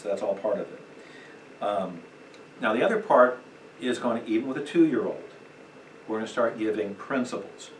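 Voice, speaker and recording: A man teaching a church parenting class in an emphatic, conversational way, acting out quotes and chuckling often. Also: on the low side. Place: church meeting room. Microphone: distant room mic. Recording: echoey room, distant mic, faint noise.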